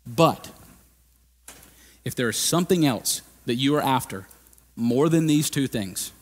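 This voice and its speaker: Male pastor, mid-pitched, conversational sermon delivery with big emphatic climbs, long church-hall reverb. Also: lively intonation, a little slow. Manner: impassioned, rising to loud emphatic peaks and dropping to quiet; conversational preaching with casual fillers. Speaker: lead pastor. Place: church sanctuary.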